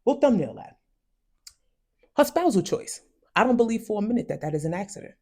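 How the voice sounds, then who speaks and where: Woman vlogger, husky voice, chatty and emphatic, slows down to hit points. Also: mid-range voice, big pitch swings, dark tone. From United States, raised by West Indian parents. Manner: conversational, emphatic, with slowed-down stressed phrases. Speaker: commentary vlogger. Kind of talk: casual psychology commentary.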